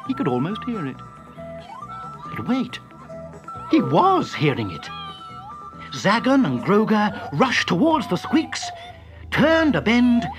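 Children's story reader, unhurried, very lively pitch, music bed underneath. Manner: slow, expressive, animated. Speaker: narrator.

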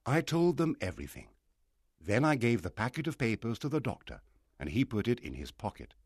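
A man narrating a storybook aloud in an expressive reading style. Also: mid-range voice, fairly quick, husky, dry recording, clean studio sound. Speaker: audiobook narrator.

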